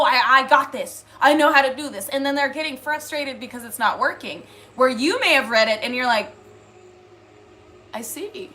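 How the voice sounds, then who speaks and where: A woman with a high, bright, clear-toned voice talks straight to her viewers in a loose spiritual monologue. She is earnest and wanders as she talks, leaning on filler words. Faint noise sits under her voice. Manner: earnest, rambling, many "like" fillers. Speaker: spiritual reader.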